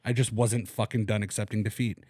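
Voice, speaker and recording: A young man co-hosting a casual podcast, telling a story in a crass, animated way with plenty of swearing. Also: fairly low pitch, a little fast, dry recording, clean studio sound. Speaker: podcast co-host.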